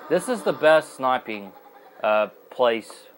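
A man's voice: medium pitch, sing-song, slow pace, a little hiss or hum, low-quality recording. A young adult man giving casual, rambling let's-play commentary as a gaming host, with plenty of fillers and self-corrections.

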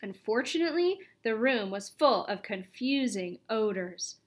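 A woman reading a children's chapter book aloud in an expressive, lively storytelling manner. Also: fairly high pitch, measured pace. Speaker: audiobook reader.

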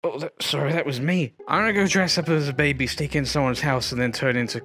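Hamming up a drunk character, this VR streamer rattles off theatrical, rambling commentary for comedic effect. He talks fast, his voice fairly high with a sharp tone.

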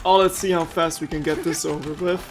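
A woman's voice: low voice, fairly even intonation, fairly quick. A woman commenting casually while playing a video game, wondering aloud and chatting. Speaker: gaming youtuber. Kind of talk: casual let's-play commentary.

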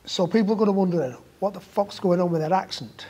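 Male interviewer, high voice, husky, casual chat, laughs along. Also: warm tone. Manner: quick backchannels, laughs along.

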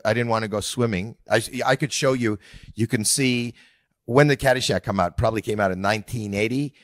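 Older man, low voice, casual podcast storytelling, animated, dry close mic. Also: brisk, no echo. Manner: animated, acts out scenes in character voices. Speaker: guest comedian.

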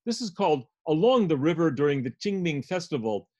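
A man's voice: a little high, sing-song, brisk, dark tone, lo-fi sound. An older man lecturing on music, explaining a score step by step as he guides listeners through it.

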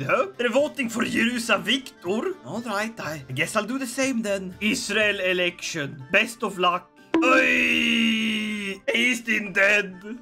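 A high, bouncy male voice that leaps all over the place as he jokes his way through a strategy game. He laughs constantly, and the tone stays bright and sharp. Faint music plays underneath. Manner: excitable and joking, laughing often. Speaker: gaming video creator. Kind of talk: let's play commentary.

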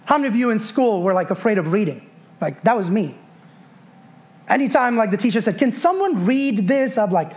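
A man with a notably high voice delivers a fervent sermon from a church pulpit. He preaches with passion and keeps calling the congregation to answer him. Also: big pitch swings, fast. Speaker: pastor. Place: church sanctuary.

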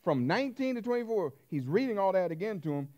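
Male pastor mid-sermon, lively and expressive, drops to near-whispers then booms, quizzes his listeners. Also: quick pace, highs cut off. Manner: animated, swings from loud to hushed, call-and-response questions.

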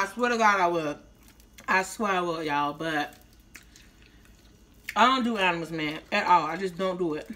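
Bright-voiced woman, slangy mukbang chat. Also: fairly low pitch, moderate pace, long pauses. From Tampa, Florida, US. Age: 30s. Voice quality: slightly slurred speech after orthodontist visit. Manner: slangy, chatty, talking while eating. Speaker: vlogger. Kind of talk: casual mukbang vlog chat.

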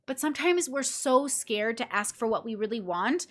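A woman's voice: on the high side, expressive, moderate pace, a bit bright. A tired woman hosting her own podcast, talking casually and animatedly, acting out friends and swearing freely. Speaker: podcast host.

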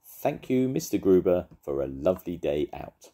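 A man voicing a small, polite young bear who is eager and earnest, talking in excited, breathless exclamations. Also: sits low, normal speed, creaky, slightly rough, pitched above the performer's own voice, exaggerated voice. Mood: cheerful.

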